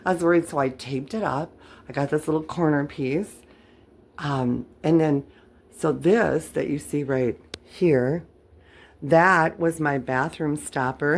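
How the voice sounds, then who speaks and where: An older woman with a very deep, gravelly voice talks slowly and casually to her viewers. She rambles and pokes fun at herself, tired but chatty. Faint music plays behind her in a cluttered home workspace. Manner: rambling, chatty, self-mocking. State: worn out. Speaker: channel host. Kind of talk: casual talk to camera.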